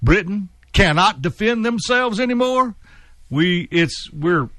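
Blunt rambling guy on a talk show, kinda high voice, dry sound. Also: lively intonation, slow pace, pushed and bright, no room sound. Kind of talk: opinionated talk show discussion.

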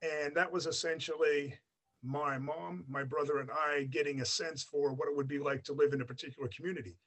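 A man's voice: on the high side, steady tone, brisk, fairly bright tone. A man in his forties, raised in Australia by an American family, with a blended American-Australian accent, telling his story in a rambling, chatty way with many fillers. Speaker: guest. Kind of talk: casual storytelling interview.

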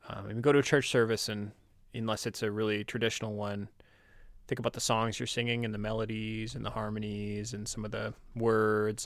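A man chatting as a podcast guest, telling stories with animated quoted voices. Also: dry recording, clean studio sound. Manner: animated storyteller, acts out quotes in a high voice. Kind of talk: casual conversation.

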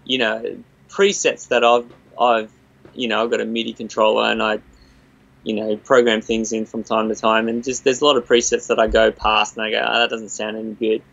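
A man with a gravelly, creaky voice chats loosely about playing and recording. He rambles and restarts his sentences. The sound is dull and a little lo-fi. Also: on the low side, level tone, normal speed, fairly bright tone. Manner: rambling, restarts and quotes others. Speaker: studio guitarist and producer. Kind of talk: casual podcast chat.

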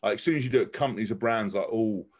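A man's voice: on the low side, very fast, breathy edge. Blunt, swearing man in casual chat. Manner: blunt, swears freely, restless restarts. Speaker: podcast guest. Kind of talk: casual podcast conversation.

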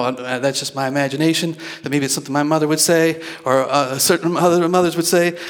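A male pastor with a slightly high voice preaching a sermon in church. He talks conversationally, stumbles over repeated words and keeps asking the congregation to respond. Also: fairly even intonation, fast, few pauses.

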